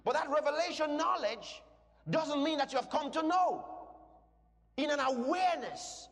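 A man preaching a sermon to a congregation, speaking emphatically and breaking into shouted declarations. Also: very high-pitched, animated, moderate pace. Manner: asks the congregation questions. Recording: long reverb in a large hall.

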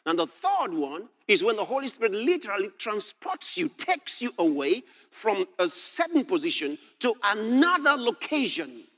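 A man preaching a sermon, reading scripture aloud and commenting on it, rising to shouts and laughing with delight at the text. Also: high voice, big pitch swings, normal speed, few pauses.

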